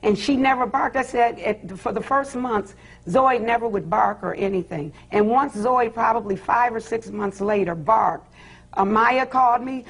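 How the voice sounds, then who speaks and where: A middle-aged woman speaks as a witness on a courtroom show. Her voice is fairly high and husky, and she retells events with emphatic, dramatic quotes. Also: moderate pace. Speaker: witness, the plaintiff's mother.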